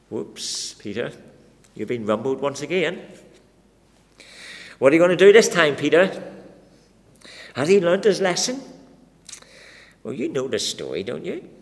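A man's voice: a little high, sing-song, unhurried, gravelly, pauses often. A man preaching an expository sermon, dramatic and full of rhetorical questions put to his listeners. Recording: long reverb of a large hall.

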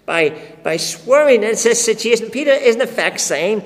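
A man's voice: high voice, animated, normal speed. A man preaching an expository sermon, dramatic and full of rhetorical questions put to his listeners. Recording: long reverb of a large hall.

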